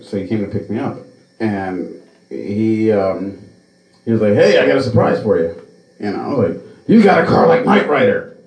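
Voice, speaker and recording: Man, podcast host, lively pitch, cursing storyteller, roomy sound. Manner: profane, animated storyteller.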